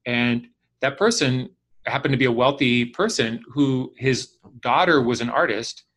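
Man telling a lively story on a video call. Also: medium pitch, measured pace. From Chicago area. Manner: animated storyteller acting out quoted voices. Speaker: guest speaker. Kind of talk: storytelling in an online class.

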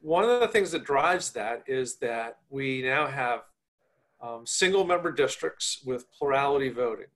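A male congressman with a mid-pitched voice who lays out policy points in a measured, explanatory manner. He often pauses and restarts as he thinks, and is heard over a video call. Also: lively intonation, a bit bright. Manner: measured, explanatory, hesitant fillers. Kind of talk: remote panel discussion.

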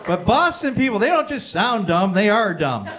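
A man doing a stand-up roast in a comedy club, delivering brash insult punchlines with deadpan timing into a stage mic. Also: high voice, normal speed. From Canada. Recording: live club with crowd laughter.

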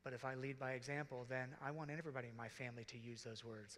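A middle-aged man, a deacon, preaching earnestly and from the heart at a conference, sometimes dropping to a hush. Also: mid-range voice, fairly even intonation, fast talker, hardly any pauses, a little hiss or hum. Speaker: deacon speaking to priests. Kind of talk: conference sermon. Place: large conference hall. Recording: reverberant hall.

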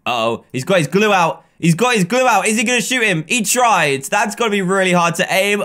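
An English man in his twenties with a high voice narrates a video game as he plays. He talks in a chatty, playful way and often jumps from calm remarks to excited yells, as gaming commentators do. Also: moderate pace, few pauses. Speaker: gaming YouTuber. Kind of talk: live gameplay commentary.

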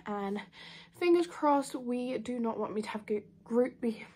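A woman's voice: a little high, expressive, a little slow, mellow, slightly rough. A woman, chatting casually in a vlog update from home and sounding out of breath. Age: 20s. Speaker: vlogger.

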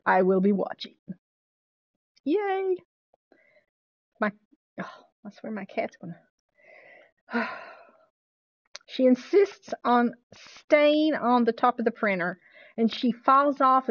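A woman streaming a game live, chatting casually with viewers, excitable and swearing freely. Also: on the high side, no echo, lo-fi sound.

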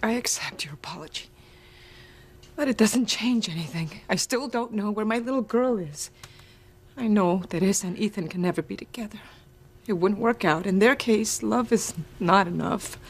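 A woman's voice: mid-range voice, moderate pace, husky. A woman playing an anxious mother looking for her daughter in a TV soap opera. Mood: sad. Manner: earnest, anxious.

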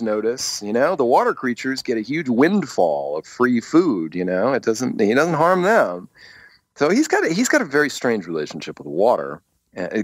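Animated man with a lively pitch. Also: no echo, clean studio sound. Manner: animated, expressive storyteller. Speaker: guest author. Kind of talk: casual podcast conversation.

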